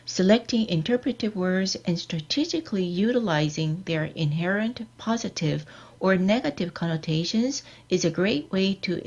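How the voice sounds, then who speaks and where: A woman giving a scripted online lecture, reading out example sentences in a measured, deliberate way. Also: fairly low pitch, a little mellow. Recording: dull lo-fi recording.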